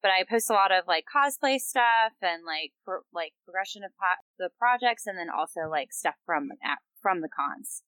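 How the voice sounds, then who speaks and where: A woman's voice: medium pitch, animated, moderate pace, hardly any pauses, fairly bright tone, no room sound, poor audio. A woman playing a tabletop game, chatting casually and filling her talk with "like". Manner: chatty, uses "like" a lot. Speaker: player.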